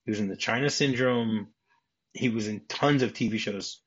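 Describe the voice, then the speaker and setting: Male podcast guest, husky voice, rambling retelling, dull lo-fi audio. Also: lowish voice, moderate pace. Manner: rambling, with frequent restarts, acting out quoted lines. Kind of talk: casual podcast chat recounting a film script.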